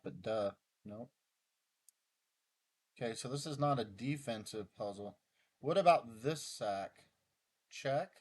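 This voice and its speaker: A man's voice: on the low side, a little mellow. A middle-aged man casually thinking aloud as he works through chess puzzles, muttering move by move and teasing himself when he slips. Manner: mutters through moves, self-deprecating outbursts. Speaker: chess YouTuber solving puzzles.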